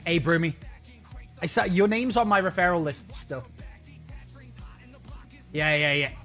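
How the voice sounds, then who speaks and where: A man's voice: on the high side, expressive, a little slow, pushed and bright, faint music behind. A man streaming a game and chatting casually with his viewers in a rambling, self-mocking way.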